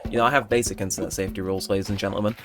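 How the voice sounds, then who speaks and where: A young man casually commenting on his gameplay, chatty and joking, now and then jumping into high-pitched exclamations. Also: steady tone, racing. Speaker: gaming channel host. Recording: game music playing behind. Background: game music.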